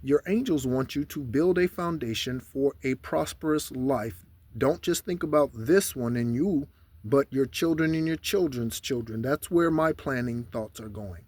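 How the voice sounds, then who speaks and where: A man giving casual spiritual guidance, rambling in asides and slowly repeating mantras three times over. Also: medium pitch, darkish tone. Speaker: spiritual channeler.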